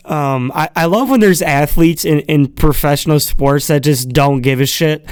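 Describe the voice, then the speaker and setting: A man's voice: on the high side, normal speed, few pauses, clear, resonant tone, no echo, clean studio sound. A man hosting a podcast, talking in a casual solo monologue that rambles, full of fillers, chuckling asides and casual swearing. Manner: irreverent, swears freely. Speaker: podcast host.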